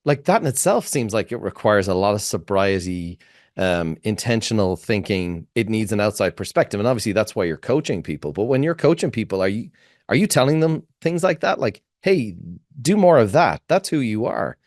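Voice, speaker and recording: A man's voice: fairly low pitch, lively intonation, brisk, no room sound, clean studio sound. An Irish man hosting an interview, asking long, searching questions full of restarts and fillers. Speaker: podcast host. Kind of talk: interview conversation.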